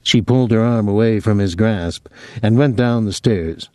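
A man narrating a novel as an audiobook in a measured, expressive storytelling voice, on a close microphone. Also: fairly low pitch, dry recording. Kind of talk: scripted narration.

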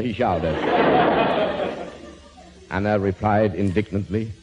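A man's voice: medium pitch, big pitch swings, moderate pace, over a noisy crowd. A man with a doing a comic monologue, reading a silly passage aloud with little chuckles and swapping numbers into his words. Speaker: comedian and pianist. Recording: dull lo-fi old radio recording, noisy.

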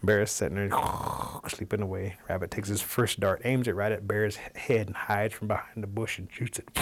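A male storyteller with a lowish voice recounts an old animal tale. His delivery is relaxed and animated, and he shifts his tone as the story moves along. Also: brisk. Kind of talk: oral folk storytelling.

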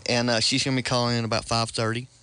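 A man's voice: mid-range voice, flat delivery, very fast, heavy background noise. A man co-hosting a radio show, easygoing and hesitant, with lots of fillers. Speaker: radio co-host. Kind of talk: casual radio banter.

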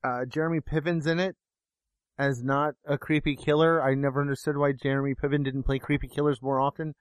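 A man's voice: fairly high pitch, little pitch movement, fairly quick, clear, resonant tone, no room sound. A man co-hosting a film review podcast, talking in a jokey, rambling, self-deprecating way. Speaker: podcast co-host reviewing films. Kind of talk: casual chat.

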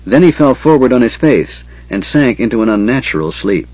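A man narrating an audiobook with steady, measured storytelling. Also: mid-range voice, no echo, highs cut off.

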